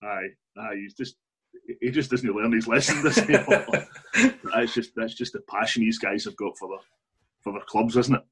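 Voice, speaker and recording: A man's voice: on the low side, moderate pace, fairly bright tone, breathy edge, poor audio. A Scottish man, an author being interviewed, telling long anecdotes in a chatty way, laughing often and restarting his sentences. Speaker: author and guest. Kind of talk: casual interview storytelling.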